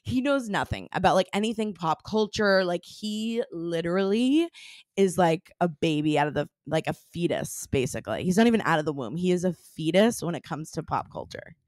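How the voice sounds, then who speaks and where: A woman's voice: fairly low pitch, animated, moderate pace, darkish tone, dry recording, clean studio sound. A young woman hosting a casual podcast chat, bubbly and laughing often. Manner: bubbly, laughs often, puts on silly accents. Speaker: podcast host.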